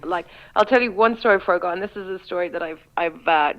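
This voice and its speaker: A woman's voice: on the low side, fast, dull audio. A young Irish woman, a radio DJ, chatting as a guest and telling embarrassing stories, acting out her own lines with a lot of life. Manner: animated storyteller, acts out her own quotes. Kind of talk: casual chat, telling funny stories.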